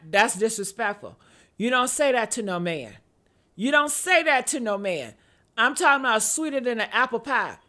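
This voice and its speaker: Brief: woman reaction vlogger, slow delivery, bright tense tone, sarcastic, laughs a lot. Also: on the high side. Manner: sarcastic, mock-outraged, laughing often; repeats short exclamations. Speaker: commentary vlogger. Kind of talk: reaction commentary on viewer comments.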